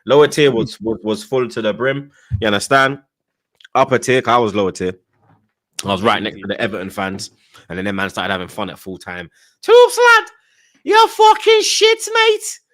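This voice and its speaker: A man's voice: on the low side, fairly even intonation, fairly quick, a bit bright. A young man, hosting a football podcast and ranting angrily, swearing, with repeated slang tags. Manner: angry, sweary, repeats "blood" and "you get me". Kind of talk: ranting casual chat.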